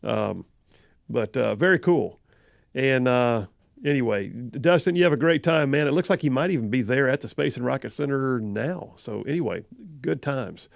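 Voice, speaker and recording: A man's voice: mid-range voice, animated, normal speed, gravelly, no room sound, clean studio sound. A middle-aged man with a Southern accent hosting a live call-in radio show, rambling and chuckling as he corrects himself. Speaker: radio talk show host. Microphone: studio microphone.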